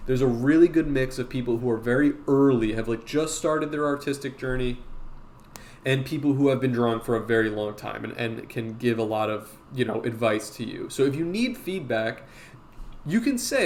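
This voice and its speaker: A man's voice: mid-range voice, normal speed, a little mellow, a little hiss or hum. Rambling, profane male art streamer. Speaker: art streamer teaching a drawing class. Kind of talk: casual live-stream talk.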